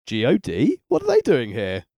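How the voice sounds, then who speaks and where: A man co-hosting a wrestling podcast, full of dry wry jokes and hesitant pauses. His mid-pitched voice moves lively up and down. It is recorded close and dry. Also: vocal fry, no echo. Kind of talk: casual chat.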